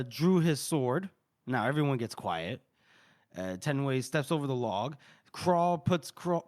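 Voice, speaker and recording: A man talks through a chapter on a podcast, loose and joking as he swears and mimics the characters he describes. His voice sits a little high for a man. His delivery stays relaxed and conversational. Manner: loose and joking, acting out quoted lines and swearing freely. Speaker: podcast co-host recapping a fantasy novel. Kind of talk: casual chat.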